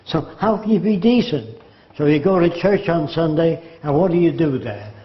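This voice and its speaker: A man's voice: fairly high pitch, moderate pace. An older man giving a lecture-style talk, sardonic and mocking as he mimics quotes. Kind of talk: lecture monologue. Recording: echoey room, dull lo-fi sound.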